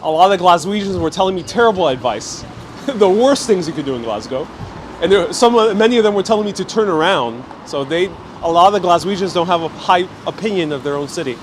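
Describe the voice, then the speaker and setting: A man's voice: sits high, expressive, a little fast. Chatty American man live-streaming from the street. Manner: chatty, reads viewer comments aloud. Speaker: travel vlogger. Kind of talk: live-stream walking vlog, reading chat. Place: outdoors on a city street. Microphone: handheld phone. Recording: noisy street.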